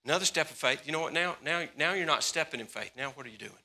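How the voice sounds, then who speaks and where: A man preaching a sermon as pastor, swinging between loud, passionate stretches and hushed, slower ones. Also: fairly high pitch, lively intonation.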